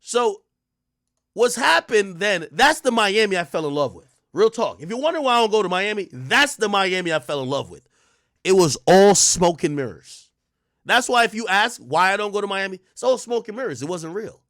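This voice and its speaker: Animated slangy man telling a story. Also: high voice, normal speed, no echo, clean studio sound. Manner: animated, swings between loud bursts and muttered asides; slangy, profane street talk. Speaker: streamer host. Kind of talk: casual storytelling monologue.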